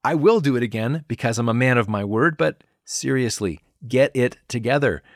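A man's voice: medium pitch, normal speed, dry recording, studio quality, lightly acted. A man putting on an impatient, scolding Savior. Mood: exasperated. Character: imagined impatient scolding Savior, male adult.

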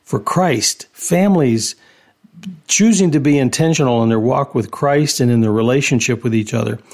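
A man's voice: medium pitch, normal speed. Encouraging Christian radio host, man. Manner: warm, encouraging, preacherly. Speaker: radio host and Bible teacher.

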